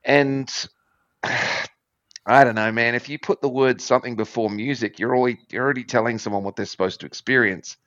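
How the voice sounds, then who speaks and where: A man's voice: medium pitch, fairly even intonation, a little fast, a bit bright, dry recording, dull audio. A man, a podcast guest telling stories in a rambling, self-deprecating way, acting out voices as he goes. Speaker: podcast guest, former musician. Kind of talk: casual conversational storytelling.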